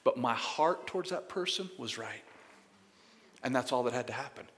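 A man preaching with a lively, swooping delivery. He jumps from loud emphatic bursts to soft confiding asides and often doubles up his words. The sound carries the long echo of a big church hall. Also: medium pitch, normal speed, slight background noise. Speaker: pastor. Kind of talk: sermon.

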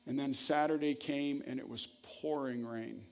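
A man's voice: medium pitch, steady tone, normal speed. A man preaching a sermon, telling a story and then reading scripture, earnest and emphatic. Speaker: pastor.

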